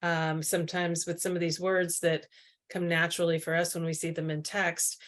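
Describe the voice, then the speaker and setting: Lower-voiced woman co-presenting. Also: flat delivery, moderate pace. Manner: casual, many fillers. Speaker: co-presenter, former teacher. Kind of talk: teacher training presentation.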